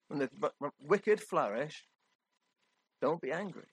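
A man's voice: on the high side, expressive, unhurried, pauses often, breathy edge, poor audio. A man preaching a sermon in a conversational, emphatic way, often checking in with his listeners.

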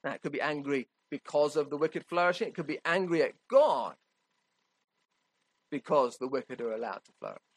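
A man's voice: on the high side, lively intonation, normal speed, no room sound, rough recording. A man preaching a sermon in a conversational, emphatic way, often checking in with his listeners.

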